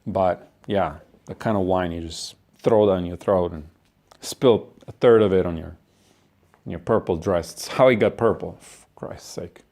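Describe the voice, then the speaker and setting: Animated, profane man doing a comic rant. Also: on the low side, measured pace. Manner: profane, animated ranting with acted-out asides. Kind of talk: comic monologue.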